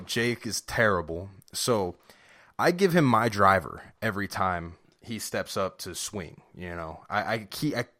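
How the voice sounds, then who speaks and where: A man's voice: on the low side, fairly bright tone. A young man co-hosting a podcast, boasting and needling his friend in casual banter. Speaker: podcast co-host.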